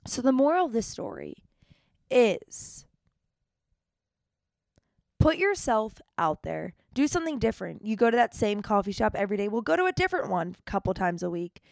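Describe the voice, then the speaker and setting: Young woman with a gravelly, dry voice. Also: mid-range voice, moderate pace, long pauses, no room sound. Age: young adult. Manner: animated, chatty, with dramatic retellings. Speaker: podcast host. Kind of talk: casual storytelling monologue.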